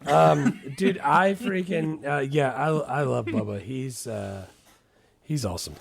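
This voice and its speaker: A man's voice: medium pitch, measured pace, vocal fry, a crowd in the background. A man co-hosting a podcast in casual chat, loose and full of fillers, often saying "dude" and "freaking". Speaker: podcast co-host.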